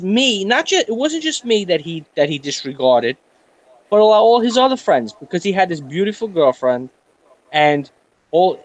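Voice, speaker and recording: A middle-aged man from New York chatting on a late-night live stream, telling stories with lots of animation. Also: a little high. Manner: animated storyteller, acts out others' voices. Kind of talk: casual late-night chat.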